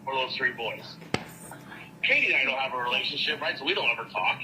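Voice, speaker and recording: A man's voice: medium pitch, lively intonation, fast, background noise. A man chatting casually on a phone call, saying bro and right a lot.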